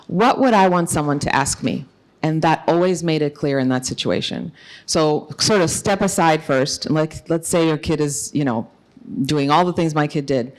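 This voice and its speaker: A middle-aged woman speaker answering audience questions at a conference, earnest and encouraging, her voice rising when she stresses a point. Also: low voice. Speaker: guest speaker.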